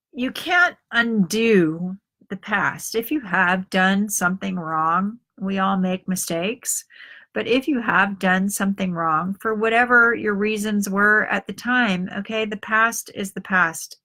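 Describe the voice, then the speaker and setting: A woman's voice: medium pitch, slow pace, sharp tone. A middle-aged woman coaching an online group in a live video talk. She tells personal stories in a confiding way and acts out the voices of the people in them. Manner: confiding storyteller who acts out quoted voices. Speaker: life coach.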